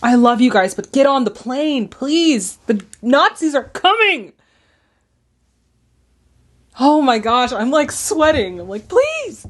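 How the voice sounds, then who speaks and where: A young woman hosting a film reaction, talking in a gushing, excitable way full of "like"s. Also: high-pitched, takes it slowly, pauses often. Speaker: host reacting to a classic film. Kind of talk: casual reaction commentary.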